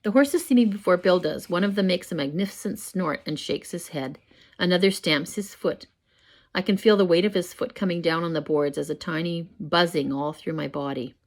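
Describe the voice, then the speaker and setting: Older woman, lowish voice, reads her own book at home, measured and expressive. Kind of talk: first-person story reading. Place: home, with a pet dog nearby.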